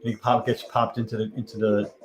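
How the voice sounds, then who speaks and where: A man's voice: lowish voice, flat delivery, a little fast, a crowd in the background, poor audio. Chatty man hosting live trivia. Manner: chatty, thinks aloud, reads out viewer answers. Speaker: livestream trivia host. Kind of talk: casual live-stream chat.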